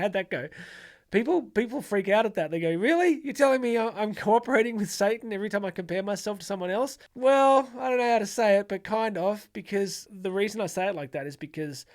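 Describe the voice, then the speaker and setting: A middle-aged man delivers an energetic motivational talk straight to camera. His voice sits a little high for a man, and he slips into quick acted-out voices of doubting people. He often repeats words as he restarts his sentences. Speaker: motivational speaker.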